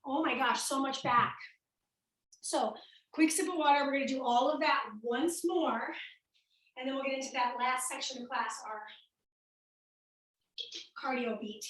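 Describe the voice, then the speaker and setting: A woman's voice: sits high, a little slow, pauses often, a bit bright, heavy reverb, distant mic, rough recording. A woman fitness instructor with a Midwestern accent, upbeat and a little breathless as she cues moves while exercising along with a home workout class. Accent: American Midwestern.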